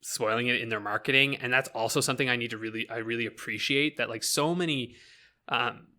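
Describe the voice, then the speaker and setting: A man's voice: mid-range voice, a little fast, sharp tone. A Canadian man co-hosting a casual podcast, talking animatedly about games, laughing often and swearing casually. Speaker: podcast co-host. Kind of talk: casual chat.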